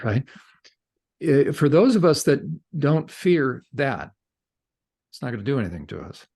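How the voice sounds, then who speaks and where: A middle-aged man speaks as a podcast guest, his low voice gravelly and a little husky. He tells his story in an animated, conversational way and talks with his hands.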